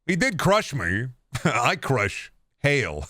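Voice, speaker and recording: A man's voice: medium pitch, wildly swooping pitch, slow pace, sharp tone, no echo, clean studio sound. A man streaming a game, rambling through casual, profane commentary full of jokey asides.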